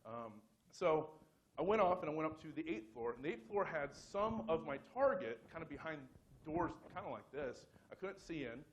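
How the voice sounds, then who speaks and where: A man's voice: fairly high pitch, very animated, normal speed, muffled recording. Chatty man telling a story on stage. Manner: casual, rambling, many fillers and restarts; self-mocking humor, laughs at own story. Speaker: conference speaker. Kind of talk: live storytelling talk.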